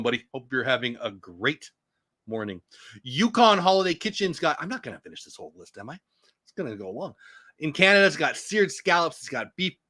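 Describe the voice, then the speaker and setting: A man's voice: fairly high pitch, sharp tone, no room sound. A middle-aged man hosting a casual morning news show, rambling through long lists and joking about his own pronunciation. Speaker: show host.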